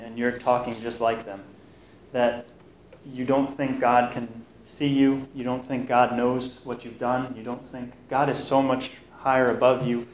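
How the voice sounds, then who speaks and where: A man's voice: medium pitch, darkish tone. Earnest man teaching scripture, echoey room. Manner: earnest, repeats words while pleading passages. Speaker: Bible teacher. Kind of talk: Bible study teaching.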